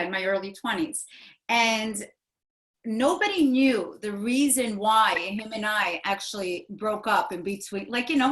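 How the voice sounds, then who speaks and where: A woman's voice: mid-range voice, a bit bright. A woman in her forties, a guest in an interview, telling a personal story in an earnest, rambling way, with many fillers and restarts. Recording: echoey room.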